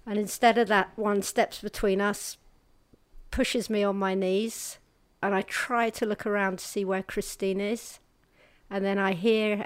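A woman with a medium-pitched voice tells a personal testimony, earnest and halting. She moves between brisk stretches and slow, hushed passages. The sound is dry and close, with no room around it. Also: dry recording. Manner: halting and earnest, with restarts and hushed pauses at hard moments; vivid storyteller, shifting between brisk and slow, quiet passages. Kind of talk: personal testimony told to an audience.

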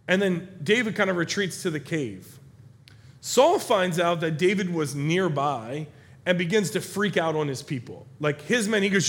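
A middle-aged man preaching a sermon, retelling a Bible story in a lively, conversational way and acting out the characters' lines. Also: normal speed. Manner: animated storyteller, acts out quoted characters with raised pitch and volume. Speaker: pastor.

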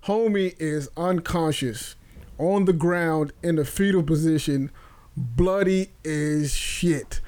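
Higher-voiced male podcast host; animated, profane, laughing storyteller. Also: slow pace. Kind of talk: casual storytelling.

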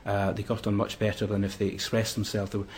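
A man giving a history lecture, pausing often with "uh" fillers between phrases. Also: on the low side, monotone, heavy background noise. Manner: hesitant, many "uh" fillers.

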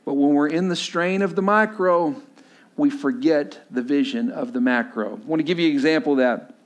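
Pastor with a high voice. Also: male voice, moderate pace. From Texas. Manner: storytelling, acts out voices, drops low and quiet for emphasis. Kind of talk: sermon with personal story.

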